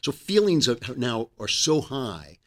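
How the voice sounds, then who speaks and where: A middle-aged man hosting a political commentary show, talking in a sarcastic, animated monologue. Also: measured pace. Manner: sarcastic, animated, talks with his hands in pitch swings. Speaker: podcast host.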